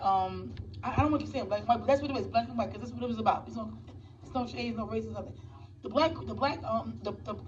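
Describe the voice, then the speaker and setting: A woman casually recapping a movie at home for her viewers, rambling with many restarts and talking straight to them. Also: medium pitch. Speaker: movie reviewer. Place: home with children nearby. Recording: distant, dull mic with faint background noise.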